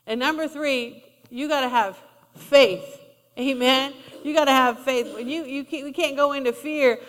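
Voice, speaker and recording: A woman's voice: sits high, normal speed, fairly bright tone. A woman preaching a sermon in a conversational style, acting out quotes as she goes. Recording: long reverb of a large hall.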